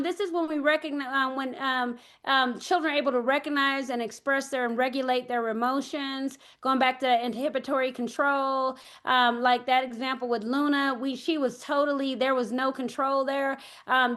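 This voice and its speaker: A woman's voice: high voice, a bit bright. An older woman, an early childhood educator, giving a parent workshop talk, hesitant and thinking aloud as she tells anecdotes.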